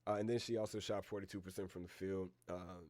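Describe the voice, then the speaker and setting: A man chats through a casual live-stream reaction in a rambling, slangy way, often calling his listeners bro. His voice sits low and has a soft, mellow tone. He works down a list of names with filler pauses between them. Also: fairly even intonation.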